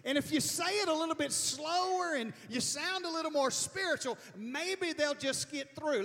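A man from Alabama preaching a sermon with emphatic, animated delivery, sometimes mimicking loud slow speech. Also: very high-pitched. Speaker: pastor. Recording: reverberant church hall.

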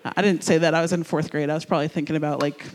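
A man from New Jersey giving a sermon as a youth pastor, telling a story in an animated, jokey, conversational way. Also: on the high side, rapid-fire, long reverb tail.

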